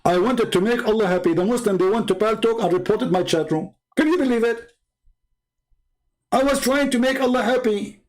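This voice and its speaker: Male stream host, high voice, emphatic polemical debater, broken English grammar. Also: a little fast, low-quality recording.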